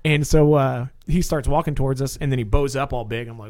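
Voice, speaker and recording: A man's voice: mid-range voice, brisk, dry recording. A man, a police officer, telling stories in casual chat and acting out the people in them. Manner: animated storyteller acting out quotes.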